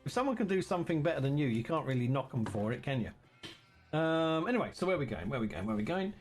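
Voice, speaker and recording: A man's voice: a little high, very animated, fast, breathy edge, faint music behind. A man chatting casually and teasingly with viewers while streaming a farming game.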